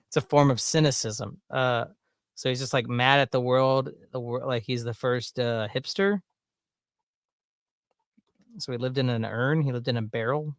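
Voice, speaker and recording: A man with a Southern US accent, rambling through casual watch-along commentary, full of fillers and quick laughs. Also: medium pitch, fairly even intonation, no room sound, clean studio sound. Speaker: streamer reacting to videos.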